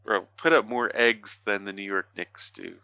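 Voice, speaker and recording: A man's voice: lowish voice, steady tone, vocal fry, bright, forceful tone, clean tone, no room sound. A man co-hosting a podcast, rambling through a casual chat full of fillers and the odd swear word. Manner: rambling, profane, halting with many fillers. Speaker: podcast co-host.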